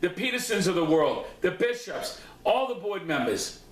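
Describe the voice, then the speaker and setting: A man's voice: high voice, very animated, normal speed. Blunt, profane man in an echoey room. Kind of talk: angry personal recap monologue.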